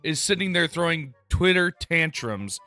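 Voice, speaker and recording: Bright-voiced man ranting angrily. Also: on the high side, animated, measured pace, faint music behind. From Germany. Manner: heated, insulting, sarcastic. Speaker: YouTuber. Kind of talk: angry rant to camera.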